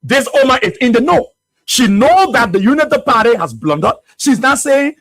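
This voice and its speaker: With a very high voice at a normal pace, a Liberian English–accented radio host offers animated, scornful political commentary. He laughs a lot, and there's no echo on the recording.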